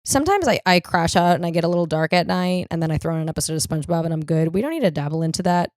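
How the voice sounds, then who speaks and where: Young woman, solo comedy podcast host, low-ish voice, dry close mic, swears freely and ribs herself. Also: lively intonation, rapid-fire, darkish tone, dry recording. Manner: blunt, profane, self-mocking storytelling.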